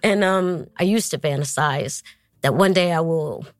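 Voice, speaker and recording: A woman's voice: low-pitched, normal speed, dry recording. A middle-aged woman telling a personal story as a talk show guest, acting out the voices of the people she quotes.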